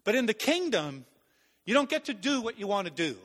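A man preaching a sermon, telling stories in an animated way and acting out voices. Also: high-pitched, brisk, long reverb tail. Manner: animated, acts out voices and laughs at own stories. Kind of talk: sermon with storytelling.

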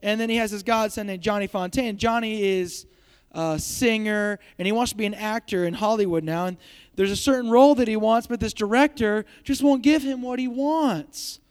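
A man's voice: high-pitched, normal speed, smooth. Young male youth speaker, twenties, resonant voice, chatty and self-mocking, reverberant hall. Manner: joking, chatty, self-deprecating. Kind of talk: youth sermon.

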